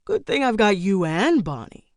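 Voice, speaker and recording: A woman's voice: sits low, slow, no echo, clean studio sound. A woman voicing a wry older man at book club. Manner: wry, good-humored remarks. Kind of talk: audiobook character reading.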